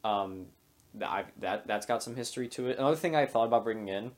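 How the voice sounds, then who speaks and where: Rambling young man co-hosting a podcast. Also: fairly low pitch. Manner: rambling, halting with restarts. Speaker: podcast co-host. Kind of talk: casual chat.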